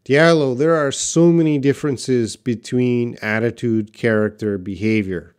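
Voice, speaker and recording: A man's voice: medium pitch, a little mellow, smooth. A man teaching English in a live online question-and-answer class, patiently reading out viewers' questions and answering them. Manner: slow, patient, reads viewer questions aloud.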